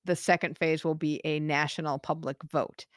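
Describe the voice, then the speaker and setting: A woman co-hosting a podcast, reading out news updates in a careful, measured way and laughing easily between items. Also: deep voice, little pitch movement, no echo, clean studio sound. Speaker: podcast co-host. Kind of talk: casual news chat.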